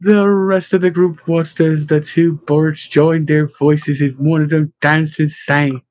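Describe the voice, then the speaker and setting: A man narrating a storybook in a steady, even reading voice. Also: a little high, a little slow, dry recording. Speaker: audiobook narrator. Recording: dull lo-fi dry recording.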